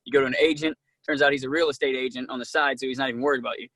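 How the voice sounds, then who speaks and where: A man being interviewed as an actor, telling casual, animated stories and acting out what people said, with many fillers. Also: medium pitch, rapid-fire, dry recording. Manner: animated, acts out quoted dialogue, many "like"s. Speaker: actor guest.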